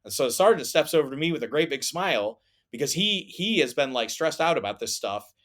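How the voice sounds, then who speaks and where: A man's voice: fairly high pitch, sing-song, fairly quick, a bit bright. A man and former soldier telling a story on a podcast in a casual, rambling way, with lots of fillers and restarts.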